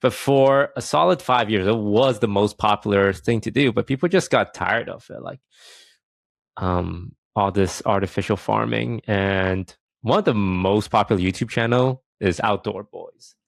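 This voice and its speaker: A man co-hosting a podcast, explaining things in a relaxed, casual way with some fillers. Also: fairly low pitch, measured pace, creaky, dry recording. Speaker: podcast co-host, streamer.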